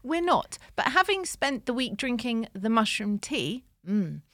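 A woman's voice: a little high, big pitch swings, measured pace, a bit bright, no echo. A woman in her forties co-hosts an easygoing chat. She is dry and matter-of-fact, with a teasing edge, and her voice sits close on a dead, dry mic. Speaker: podcast co-host. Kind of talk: casual chat.

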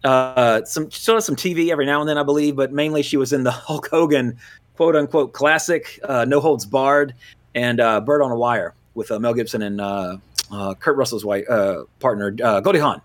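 A man's voice: medium pitch, normal speed. A man from Louisiana, hosting a movie podcast in loose casual chat, full of fillers and self-corrections. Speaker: podcast host.

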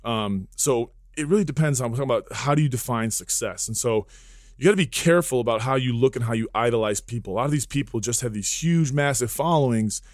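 A man talks quickly and bluntly as a podcast guest, throwing in jokes and asides. His voice sounds close and dry, with no room echo at all. The delivery is relaxed and conversational. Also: medium pitch. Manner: blunt, joking, full of asides. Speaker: podcast guest, fitness entrepreneur. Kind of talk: casual podcast chat.

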